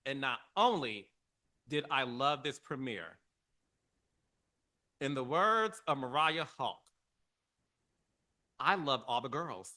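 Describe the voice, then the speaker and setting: A middle-aged man hosting a podcast, giving casual, emotional commentary with dramatic pitch swings. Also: lively intonation, slow, pauses often, pushed and bright. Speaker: podcast host.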